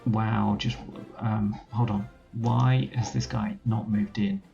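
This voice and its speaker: Guy muttering through a strategy game, low and gravelly, faint music behind it. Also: level tone, takes it slowly, dark tone, dull audio. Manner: thinking aloud while giving orders to units. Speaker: gaming channel host. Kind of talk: let's play commentary.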